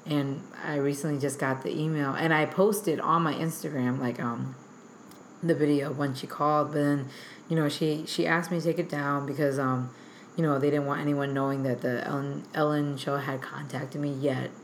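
Young woman guest, deep-ish voice, chatty rambly storytelling, faint room hiss. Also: steady tone, normal speed. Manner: rambling, lots of filler "like". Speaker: guest artist. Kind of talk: animated storytelling in casual chat. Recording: echoey room.

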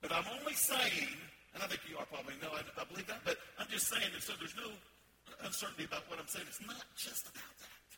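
High-voiced emphatic preaching pastor, man. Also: animated, quick pace, background noise. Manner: emphatic preaching with rising bursts of intensity. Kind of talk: sermon. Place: church sanctuary.

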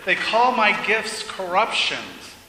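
A man's voice: on the high side, big pitch swings, slow pace, sharp tone, voice pushed up, exaggerated voice. A man reading aloud as an anguished man pleading with God, his voice raised and strained. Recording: echoey hall with faint noise.

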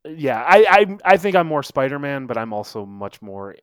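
A man's voice: mid-range voice, big pitch swings, moderate pace, clean tone, dry recording, studio quality. A young man in casual chat about games and films, easygoing but sticking to his point.

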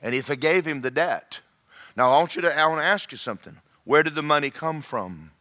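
A man preaches to his congregation, his voice swinging between loud, pressing lines and hushed asides. His pitch moves a lot, and his tone is bright and forceful. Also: expressive, brisk. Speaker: pastor. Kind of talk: sermon.

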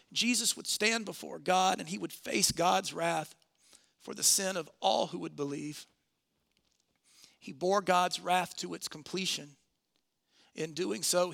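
A man preaching a sermon in church, earnest, slowing and softening on key phrases. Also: high voice, creaky.

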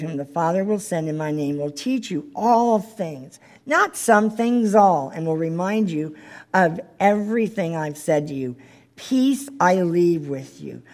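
Earnest woman teaching a Bible study. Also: a little mellow. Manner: earnest, reads scripture aloud, rises in pitch when stirred. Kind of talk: sermon-style teaching. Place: meeting room, live gathering.

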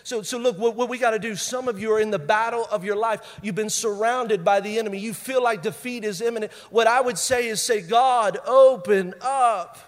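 A man with a high voice delivers a sermon as a pastor, and his voice rings with the long reverb of a large hall. He hammers home his points by repeating them. He swings from loud bursts to hushed intensity. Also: steady tone, fairly quick, few pauses. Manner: emphatic, repeats key phrases for effect.

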